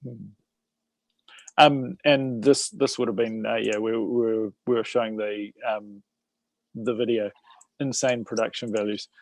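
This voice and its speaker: A man's voice: fairly low pitch, fairly even intonation, unhurried, no echo, low-quality recording. A man hosting a casual livestream chat, hesitant and full of ums and restarts. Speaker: host.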